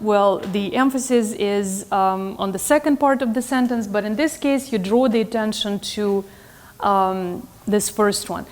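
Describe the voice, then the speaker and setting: A woman's voice: medium pitch, darkish tone. A woman teaching a class in a classroom, earnest and full of "um" and self-corrections. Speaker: instructor. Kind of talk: classroom lecture.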